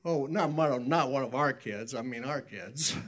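A pastor with a mid-range voice preaches a sermon at normal speed, telling stories in a folksy, rambling way, often correcting himself and chuckling.

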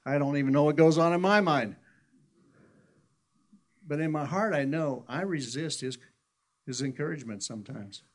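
A man's voice: on the high side, moderate pace, long pauses. Folksy male pastor telling stories. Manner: conversational storytelling, folksy with repeated restarts. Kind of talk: sermon.

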